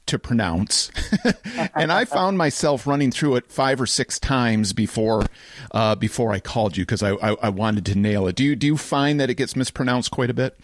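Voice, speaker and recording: Michigan guy hosting a podcast, kinda nasal, bouncy lively voice, dry close sound. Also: medium pitch, no room sound. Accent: Southeast Michigan. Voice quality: slightly nasal. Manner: animated, laughs often. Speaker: podcast host. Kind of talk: casual interview chat.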